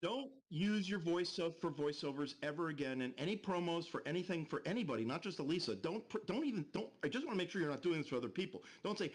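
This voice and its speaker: Streamer: a man with a high, very lively voice, angrily ranting and cursing on a live stream. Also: quick pace. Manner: angry, profane, repetitive ranting. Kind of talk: heated live-stream rant.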